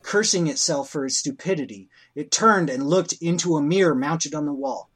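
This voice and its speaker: A man co-hosting a podcast, telling an improvised comic story in a deadpan way, full of crude insults. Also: fairly high pitch, slightly rough. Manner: deadpan, drawn-out delivery punctuated with crude insults.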